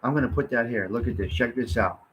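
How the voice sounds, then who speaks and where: A man's voice: mid-range voice, fast talker, a bit bright, slight background noise. A man hosting a casual livestream, chatting to viewers in a blunt, rambling way and swearing freely. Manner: blunt, rambling, salty-mouthed. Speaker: livestream host.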